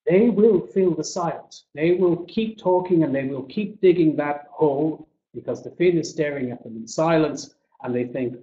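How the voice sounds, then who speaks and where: A man giving a business English webinar, explaining points slowly with examples and acting out intonation. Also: fairly high pitch, warm tone, a little hiss or hum. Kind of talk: webinar lecture. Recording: dull lo-fi echoey webinar audio.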